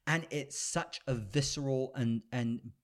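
A man's voice: mid-range voice, a little slow. A man co-hosting a podcast in casual chat, rambling and enthusiastic, with lots of hedging fillers. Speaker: podcast co-host.

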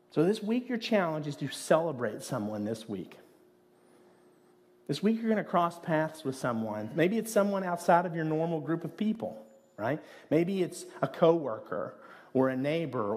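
A man's voice: on the high side, a little mellow. A man preaching a sermon as pastor, speaking in an earnest, conversational way with rhetorical asides. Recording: long hall reverb.

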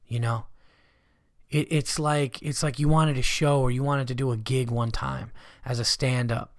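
Profane New comic talking on a dry mic. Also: male voice, mid-range voice, dry recording. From New York. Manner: profane, blunt storyteller who rants and riffs. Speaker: stand-up comedian and podcast host. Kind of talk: casual solo podcast monologue.

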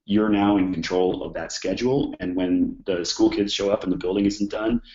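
Male instructor with a cold, very low and husky-sounding, talks loosely with lots of fillers; roomy, dull sound. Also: fairly even intonation, normal speed, a little mellow. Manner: conversational, many fillers and restarts. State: hoarse from a cold. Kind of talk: informal exam-prep lecture.

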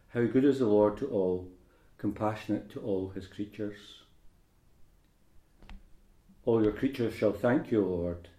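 A priest reading scripture at Mass and then giving a homily in a measured, unhurried way, with some hesitations. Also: male voice, fairly low pitch, warm tone. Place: church. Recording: roomy church echo.

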